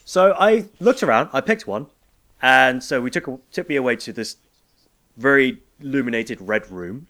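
A man's voice: medium pitch, lively intonation, normal speed, a bit bright. A man from England telling a dry, self-mocking story as a podcast co-host. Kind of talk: comedic podcast chat.

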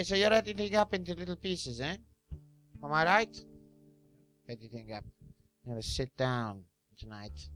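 A man's voice: medium pitch, clear, resonant tone, no room sound, natural voice. A man playing a flamboyant, self-important Latin lover crooner in a comedy character act, talking with showman patter over a guitar.

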